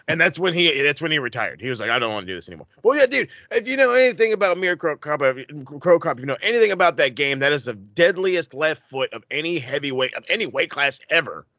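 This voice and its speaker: A man asking wrestling trivia in a casual podcast chat, excitable and profane with rambling asides. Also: a little high, fairly quick, dry recording. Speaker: trivia quizmaster.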